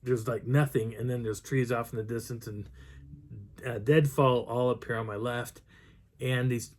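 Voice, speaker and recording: A man's voice: medium pitch, fairly even intonation, normal speed. Man rambling through a mountain story. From Colorado high country. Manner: rambling with many restarts, acts out quoted voices. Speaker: Bigfoot researcher telling a field story. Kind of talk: casual storytelling.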